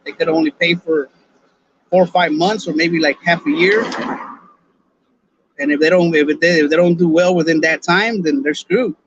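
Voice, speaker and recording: A man's voice: fairly high pitch, steady tone, moderate pace, pauses often, a bit bright, muffled recording, slight background noise. A man from Los Angeles with a Chicano accent, hosting a podcast in loose live-stream chat, full of slang and restarts. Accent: Chicano English. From Los Angeles, California. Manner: laid-back slangy talk, many restarts and repeated words. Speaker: podcast host.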